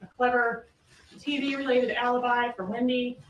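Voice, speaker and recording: A woman's voice: on the high side, flat delivery, measured pace, a little hiss or hum. A woman prosecutor giving a courtroom closing argument, emphatic and full of rhetorical questions. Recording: echoey room, distant mic, faint ambience.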